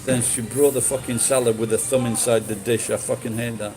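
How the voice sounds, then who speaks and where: A man's voice: mid-range voice, fairly even intonation, fairly quick, over music, poor audio. Casual sweary man, rambling with many false starts. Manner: rambling, sweary, frequent restarts. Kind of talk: casual chat.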